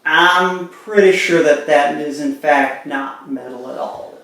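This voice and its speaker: A man's voice: a little high, takes it slowly, creaky, sharp tone. A man playing a tabletop role-playing game, with laid-back, joking asides. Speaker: player. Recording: very echoey room.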